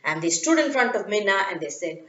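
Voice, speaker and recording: A woman reading a children's story in an expressive, dramatic way. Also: medium pitch, fairly quick. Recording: echoey, dull lo-fi room.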